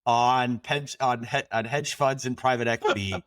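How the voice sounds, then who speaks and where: A man co-hosting a podcast, running through news items in a wry, joking way with quick asides. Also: mid-range voice, fairly even intonation, background noise. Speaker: podcast co-host. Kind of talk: casual news chat.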